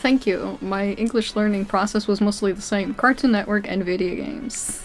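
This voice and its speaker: A woman's voice: medium pitch, normal speed, soft background music. Chatty young woman streaming a game. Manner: chatty, answering chat, often laughing and trailing off. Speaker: live streamer. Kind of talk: casual chat while playing a video game.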